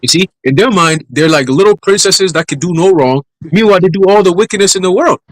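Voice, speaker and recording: A man speaks bluntly in a casual scripture discussion, often acting out other people's lines. His voice sits a bit high. The sound is dry and close. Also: fast, dry recording, low-quality recording. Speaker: church group speaker.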